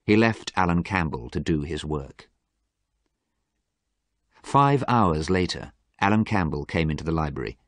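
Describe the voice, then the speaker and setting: A man with a very low voice reads a story aloud for English learners. His delivery moves expressively up and down. The sound is dry and close. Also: lively intonation, a little slow, long pauses, no room sound. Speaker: narrator.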